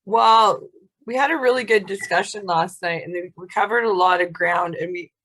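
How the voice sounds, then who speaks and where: A woman's voice: medium pitch, normal speed, a bit bright, rough recording. A woman co-hosting a casual self-help chat over a video call, soothing and affirming in tone. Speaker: co-host.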